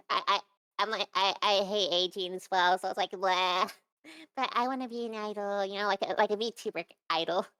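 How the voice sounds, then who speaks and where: A young adult woman talks casually as an interview guest, rambling through her thoughts with many fillers and false starts. Her voice is smooth and clear, recorded close and dry with no room sound. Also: medium pitch, fairly quick, pushed and bright, dry recording.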